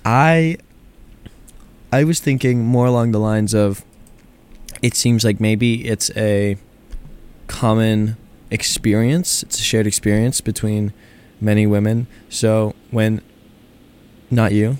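A man's voice: on the low side, fairly even intonation, takes it slowly, darkish tone, smooth. A man co-hosting a show, chatting in casual, jokey banter and laughing often.

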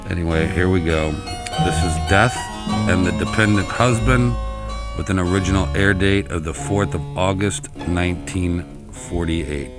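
A man's voice: low voice, a little slow, over loud music. A man casually introducing an old radio episode, hesitant and rambling. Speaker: podcast host.

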